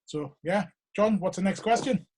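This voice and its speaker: A man's voice: high-pitched, normal speed, a little mellow. A man with a Geordie accent hosting a casual interview, rambling and restarting his sentences as he talks things through. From North East England. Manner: rambling, hesitant, full of restarts and "you know". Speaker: podcast host.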